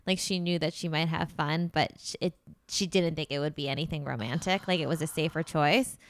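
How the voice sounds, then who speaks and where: A young woman co-hosting a casual podcast, talking things through in an easy, analytical way. Her voice is smooth and clear at a middle pitch, recorded close and dry. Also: brisk, dry recording. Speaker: podcast co-host. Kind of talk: casual chat about a reality show.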